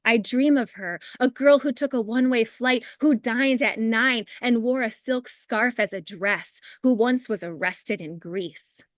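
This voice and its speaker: A woman in her thirties, a poet, chatting brightly and then reading her poems over a video call. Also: fairly high pitch, measured pace, few pauses, no room sound, studio quality. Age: 30s.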